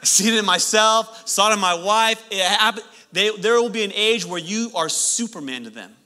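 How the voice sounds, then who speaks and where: A man in his thirties, a pastor preaching a sermon in an animated way, with joking asides to his congregation. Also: high-pitched, normal speed.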